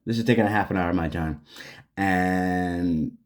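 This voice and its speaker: A man's voice: low voice, normal speed. A man delivering an angry, profane, sarcastic rant straight to the camera. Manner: swearing, heated, sarcastic. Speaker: vlogger.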